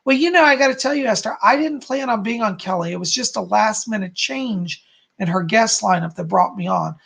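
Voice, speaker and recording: Reading out viewer comments on his live astrology stream, a man chats warmly and encourages his audience. His fairly bright voice sits high with a creak to it. He drifts off topic easily, chuckles at himself, and keeps shifting between quicker and slower stretches.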